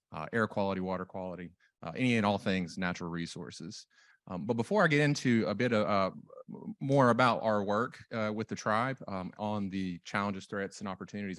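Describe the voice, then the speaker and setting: A man's voice: low voice, fairly bright tone, no room sound, studio quality. A man in his thirties with a Southern US accent, speaking as a panelist in a conversational way, with many fillers and restarts. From southeastern United States. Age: 30s. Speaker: tribal government official, panelist. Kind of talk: panel talk.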